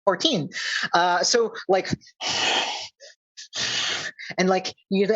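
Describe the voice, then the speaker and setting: A man with an Australian accent narrating a tabletop game as game master, halting and full of fillers. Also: high voice, expressive, a bit bright, highs cut off.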